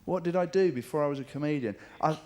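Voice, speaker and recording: London male comic, live stand-up, mischievous and crude, slightly high pitch, audience noise behind. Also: fast. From England. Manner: cheeky, swearing, mimics loud voices. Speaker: stand-up comedian. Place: large theatre stage with audience. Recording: theatre show taped with audience noise.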